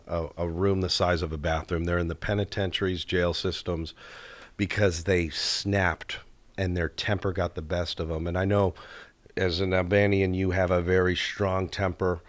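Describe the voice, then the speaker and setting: A man with a low-pitched voice hosts an interview. He asks his questions earnestly and sounds admiring of his guest. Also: fairly even intonation, a little slow.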